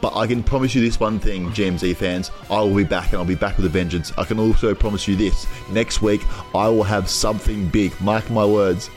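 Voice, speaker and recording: Young Aussie bloke, low voice, hamming up grave announcements in a podcast banter over faint music. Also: male voice, fairly even intonation, a little fast, hardly any pauses. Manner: mock-solemn, theatrical announcements. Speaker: podcast co-host. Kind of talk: casual banter. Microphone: remote call recording.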